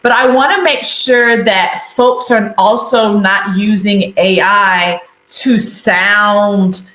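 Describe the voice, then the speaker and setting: A woman guest talking about her consulting work in an interview, animated and laughing often. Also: medium pitch, slow pace, reverberant, low-quality recording. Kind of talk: conversational interview.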